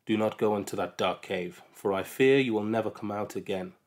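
A man's voice: fairly low pitch, brisk, close to an everyday voice. Fearful loyal Viking, read by a man, urgent and pleading, storybook.

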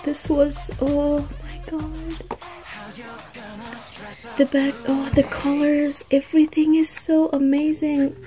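A young woman records an album unboxing vlog, gushing breathlessly over each page. Her voice sits a little high and she takes her time between exclamations. Soft music plays faintly behind her. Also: monotone, slow pace, pauses often, rough recording. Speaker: vlogger. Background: faint background music.

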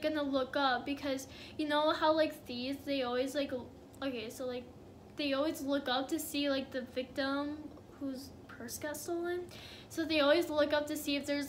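Giggly high-pitched young woman vlogger. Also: fairly bright tone, a little hiss or hum. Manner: chatty and giggly, lots of fillers. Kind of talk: casual storytime vlog.

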